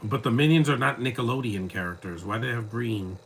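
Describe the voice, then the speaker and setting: A man's voice: medium pitch, brisk, gravelly, fairly bright tone, slight background noise. A man giving casual live commentary over a film, with rambling, joking asides. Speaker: movie commentator.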